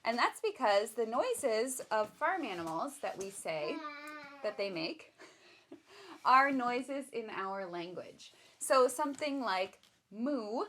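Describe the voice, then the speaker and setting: A woman's voice: fairly high pitch, very animated, takes it slowly, fairly bright tone, slight background noise. A woman educator leading a baby storytime at home, talking playfully to caregivers and her toddler. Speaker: children's museum educator.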